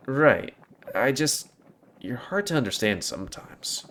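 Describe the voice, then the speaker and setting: A man reading a visual novel aloud with an expressive delivery and hesitant, stumbling asides. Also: mid-range voice, unhurried, slight background noise.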